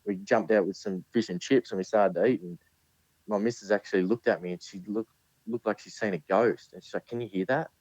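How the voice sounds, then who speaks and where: A man's voice: lowish voice, steady tone, a little fast, darkish tone, no echo, lo-fi sound. An Australian man, a podcast guest, telling a rambling story in a casual way and full of "like" fillers.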